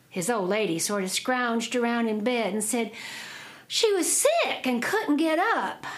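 A woman spins an old folk tale aloud. Her drawling delivery rises and falls with lively, animated pitch. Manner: drawling, expressive oral telling. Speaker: storyteller.

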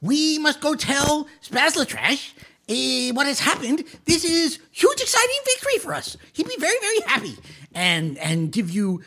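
A man's voice: extremely high pitch, sing-song, bright, forceful tone, pitched above the performer's own voice, heavily acted. A man doing an eager little kobold. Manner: eager, halting, broken phrasing.

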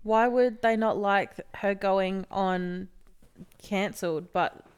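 Smooth-voiced young woman on a podcast. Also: medium pitch. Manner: curious, quick questions and agreeing. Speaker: podcast co-host. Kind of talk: casual gossip chat.

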